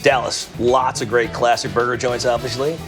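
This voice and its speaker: A man hosting a food show, chatting excitedly and telling stories, swearing now and then. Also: medium pitch, moderate pace. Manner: excitable, storytelling, swears casually. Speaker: host. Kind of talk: casual chat. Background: background music.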